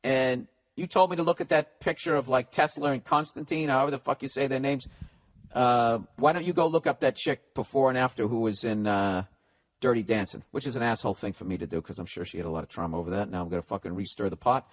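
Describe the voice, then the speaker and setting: Talking at a quick pace in a mid-range voice, this podcast host gives advice as a blunt rant packed with profanity.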